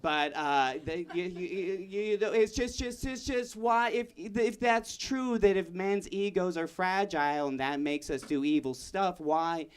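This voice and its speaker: A young man performing a stand-up comedy set, rambling and self-interrupting, bursting into shouted character bits. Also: sits high, a little slow, few pauses, clean tone. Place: comedy room with live audience.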